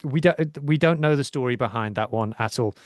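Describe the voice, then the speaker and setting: A podcast co-host chats casually about sports, going on enthusiastically and at length about rugby while saying um frequently. He has a mid-range voice and a brisk pace, captured in clean studio quality without echo.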